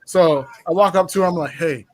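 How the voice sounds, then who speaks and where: A man telling a rowdy personal story in casual chat, boastful and profane, full of slang and animated bragging. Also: sits high, fast talker. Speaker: podcast guest telling a story.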